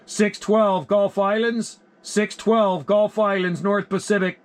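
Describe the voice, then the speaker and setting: A man working a CB radio, calling out call signs in a relaxed, friendly way. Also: high voice, slow, clean tone. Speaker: CB radio operator. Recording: loud radio static hiss.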